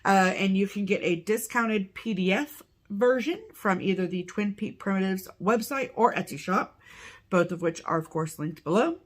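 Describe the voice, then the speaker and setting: A woman's voice: medium pitch, expressive, normal speed. Chatty woman co-hosting a craft show. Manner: chatty, upbeat promo reading with fillers. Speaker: podcast co-host. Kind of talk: casual chat.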